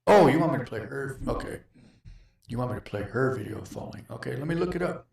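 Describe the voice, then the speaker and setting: A man's voice: medium pitch, expressive, fairly quick, vocal fry, darkish tone. A man hosting a podcast, telling a story in casual chat, rambling, breaking off mid-sentence and laughing often. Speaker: podcast host.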